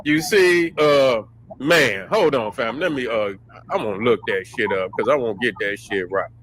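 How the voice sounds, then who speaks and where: This podcast host has a mid-range, slightly bright voice and talks at a normal speed, though the audio is poor. He casually rants with swearing, jokes and trash talk, laughing along at his own humor.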